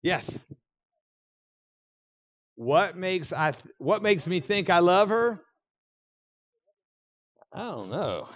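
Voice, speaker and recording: A middle-aged man preaching a sermon in a church, animated and joking with the congregation. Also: high-pitched, extremely slow, pauses often, dry recording, studio quality. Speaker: pastor. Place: church sanctuary.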